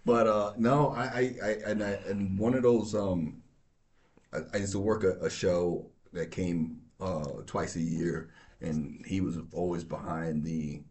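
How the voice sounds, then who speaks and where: A man's voice: sits low, fairly even intonation, unhurried, a little mellow. A man in law enforcement, a guest in casual chat, stammering through restarts and laughing at his own stories.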